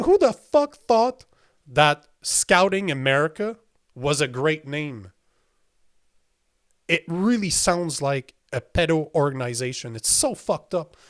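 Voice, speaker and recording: Male show host, slightly raised pitch, angry swearing commentary with disbelieving laughter. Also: fairly bright tone. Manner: heated and profane, frequent incredulous laughs. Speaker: podcast host. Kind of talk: livestream commentary reading chat.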